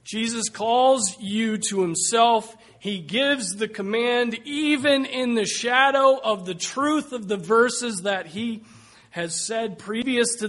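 Guy preaching a sermon, pretty high voice, earnest, pleading, gets loud in spots. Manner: earnest, pleading appeals with sudden swells in volume.

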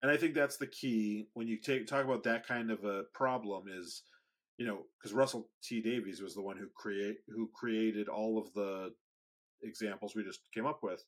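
A man's voice: fairly low pitch, steady tone, moderate pace. A man co-hosting a podcast in casual chat, hesitant and often trailing off. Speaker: podcast co-host.

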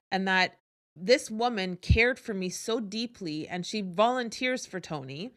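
A woman telling a personal story in a candid, energetic way, swearing freely. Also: mid-range voice, moderate pace. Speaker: host. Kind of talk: casual storytelling to an audience.

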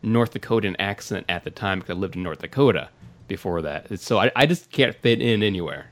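A man's voice: low-pitched, lively intonation, fairly quick. An American man hosting a podcast in casual chat, chatty and self-deprecating, often restarting his sentences. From United States. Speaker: podcast host.

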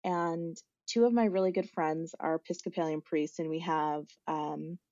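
A woman in her forties, a guest on the show, telling a personal story in a thoughtful, searching way, with frequent pauses and fillers. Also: deep voice, steady tone, darkish tone, no room sound, dull audio.

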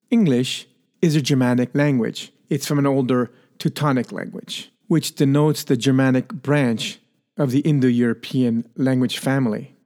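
A man with a mid-pitched voice talks alone on a podcast. He muses in a loose, playful way, coins words on the fly and chuckles at his own ideas. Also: darkish tone. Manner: playful, musing, coins words and laughs at himself. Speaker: podcast host. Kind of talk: solo podcast monologue.

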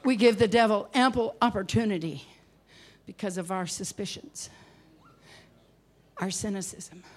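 A woman's voice: mid-range voice, a little slow, slight background noise. A woman preacher telling a personal story in a sermon, emotional and at times dropping to near whispers. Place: conference hall.

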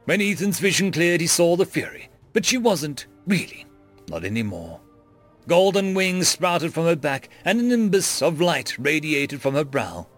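A man narrating a fantasy story in a dramatic, expressive reading. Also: a little high, normal speed, soft background music.

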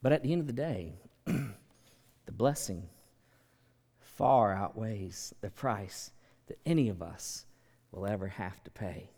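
Animated preaching man in a reverberant hall. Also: lowish voice, takes it slowly, creaky, pauses often. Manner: animated preaching, swings from soft to loud. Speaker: pastor. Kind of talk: sermon. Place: large church sanctuary.

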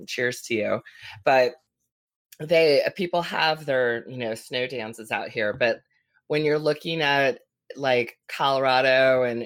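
A woman's voice: a bass voice, fairly bright tone. A woman co-hosting a casual podcast, chatty and loose, full of "like" and "you know". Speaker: podcast co-host, teacher.

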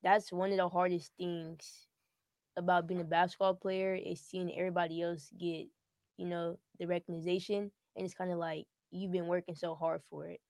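Flat-voiced young woman, casual. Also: lowish voice, moderate pace, dry recording, studio quality. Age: teens. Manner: casual, rambling, lots of "like". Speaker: high school point guard guest. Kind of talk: podcast interview. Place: studio.

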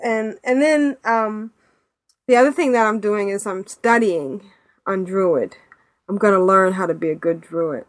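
A woman hosting a podcast in casual chat, animated and chatty, laughing often, talking over a remote call mic. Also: mid-range voice, unhurried, no room sound. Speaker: podcast host.

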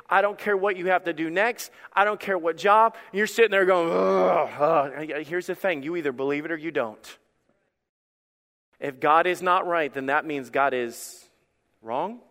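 A man's voice: high-pitched, fairly bright tone, big-room sound. A male pastor preaching a sermon in an emphatic, conversational way, repeating phrases for effect.

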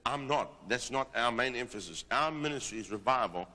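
A middle-aged man preaching, telling a testimony with animated delivery and rising into declamatory prophecy. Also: medium pitch, moderate pace. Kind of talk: sermon with testimony and prophetic exhortation. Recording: long reverb of a large hall.

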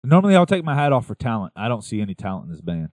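A man's voice: medium pitch, sing-song, rapid-fire, a little mellow, dry recording. A man rants on a casual podcast, blunt and profane, swearing through his complaints. His voice sits in an ordinary middle register, and it is recorded close and dry, with little room sound. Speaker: podcast co-host. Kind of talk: casual chat.

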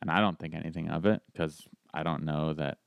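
A man's voice: rumbling low, steady tone, fairly quick, creaky, clean tone, dry recording, clean studio sound. A man who is a stand-up comedian, telling a story in casual podcast chat, acting out quoted voices and swearing.

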